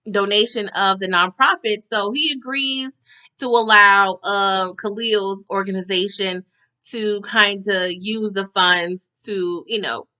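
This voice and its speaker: A woman's voice: medium pitch, pushed and bright, smooth, highs cut off. A woman recapping a TV episode in casual chat, often tagging her sentences with "okay?". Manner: chatty, tags lines with "okay?".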